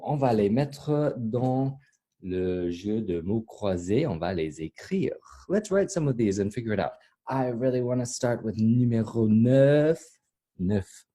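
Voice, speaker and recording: A man teaching a French vocabulary lesson, slowly repeating each word for learners and mixing in English explanations. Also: medium pitch, dark tone. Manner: slow, patient repetition of words for learners to echo. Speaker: language teacher.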